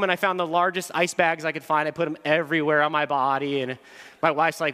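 A man's voice: a little high, fairly even intonation, brisk, pushed and bright, clear, resonant tone. A man giving a humorous, self-deprecating storytelling talk to an audience in a large hall.

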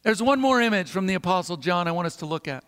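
A man's voice: high voice, expressive, fast talker, a bit bright, smooth, in a large hall. A man preaching a sermon, emphatic and fond of repeating phrases for effect. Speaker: pastor.

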